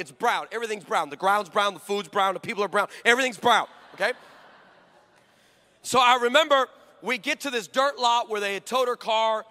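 A male preacher telling a comic story in a sermon, animated and joking, acting out both sides of conversations before a live congregation. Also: high-pitched. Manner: animated, joking, acts out dialogue. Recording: long hall reverb.

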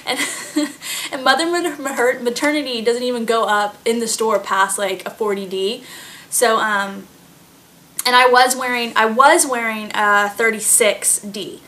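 A woman's voice: a little high, fairly even intonation, a little slow, pushed and bright. A pregnant woman in her late twenties chatting casually to her vlog audience, giggling often and filling her talk with fillers. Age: late 20s. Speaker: vlogger. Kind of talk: casual chat.

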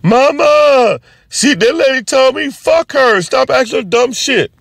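A shrill mother in a rage, as a man puts her on, cursing and tripping over her words. The voice jumps high and swings wildly in pitch. It sounds dry and close. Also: animated, slow pace, vocal fry, fairly bright tone, no echo, exaggerated voice. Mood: furious. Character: loud angry woman, a child's mother, picking a fight.

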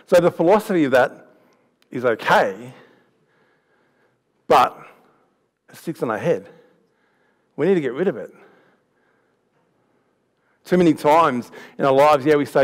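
A man's voice: fairly high pitch, expressive, normal speed, pauses often. A man giving a youth sermon, chatty, laughing and restarting as he tells stories. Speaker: youth pastor. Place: church hall.

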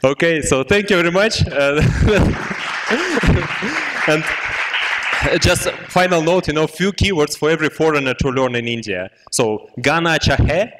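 A young man performing a stand-up comedy set at an open mic, talking haltingly and chuckling at his own jokes. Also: a little high, over a noisy crowd, heavy background noise. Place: indoor open mic venue.

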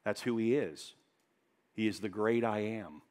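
A pastor preaching a sermon in church, rising to loud emphatic peaks and dropping to hushed, low passages. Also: male voice, a little slow.

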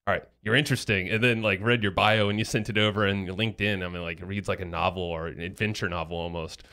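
A man's voice: deep voice, steady tone, fast talker, bright, forceful tone, clear, resonant tone. A man hosting a podcast, chatting casually with lots of fillers and frequent laughter. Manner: laughs often, filler-heavy. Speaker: podcast host. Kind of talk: casual interview chat.

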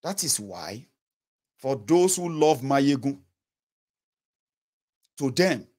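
A political commentator in his thirties with a Nigerian Yoruba accent speaks straight to camera in an impassioned, pleading monologue, slipping into Pidgin. His mid-range voice has a darkish tone and is very animated, though his pace is slow.

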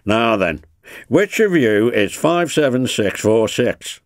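A man voicing a stern, brisk male railway boss. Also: mid-range voice, expressive, no room sound, studio quality, voice pushed up.

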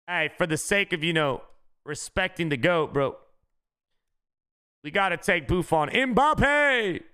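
A man streaming a video game, chatting casually with his chat and shouting when he gets a good pull. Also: high-pitched, clean tone. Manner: excitable, shouts at big pack pulls; talks to chat, says bro a lot. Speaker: gaming streamer. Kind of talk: casual live-stream commentary.

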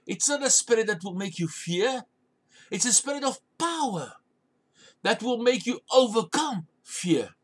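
High-voiced man preaching emphatically. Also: very animated, measured pace, slightly rough. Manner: emphatic, repetitive exhortation. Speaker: pastor. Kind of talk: sermon.

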